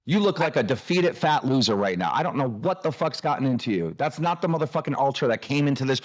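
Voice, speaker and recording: A man hosting a livestream, scolding and mocking a co-host in a loud, profane rant. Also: medium pitch, animated, fast talker, hardly any pauses. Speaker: show host.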